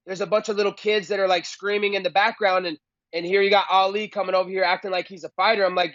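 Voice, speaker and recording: A man's voice: high-pitched, flat delivery, fast, a bit bright, no echo, lo-fi sound. A man being interviewed as a fighter, talking trash in a cocky, mocking, boastful way.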